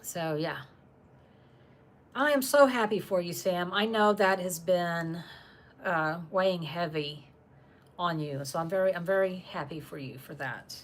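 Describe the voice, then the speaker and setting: A woman with a fairly low voice hosts a casual live stream from home at a measured pace. She reads the live chat comments aloud and laughs often while talking about her dogs.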